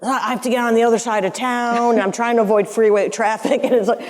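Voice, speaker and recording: A woman's voice: on the high side, quick pace. A woman in her sixties, a former album art director, telling stories in an interview and acting out the voices of people in them. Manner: animated storyteller who acts out voices in her anecdotes. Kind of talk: conversational interview storytelling. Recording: long hall reverb.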